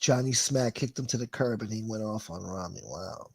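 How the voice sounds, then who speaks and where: Fairly low and husky, this man's voice moves at a normal speed with no echo. He hosts a livestream, reading viewer comments aloud and rambling through casual chat, swearing a lot and laughing.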